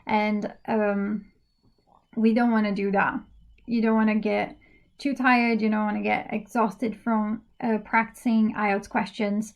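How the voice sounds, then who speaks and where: A woman's voice: on the high side, a little mellow. A woman teaching an English speaking-exam lesson, explaining practice steps patiently with frequent ums and uhs. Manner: patient, step-by-step instruction with many fillers.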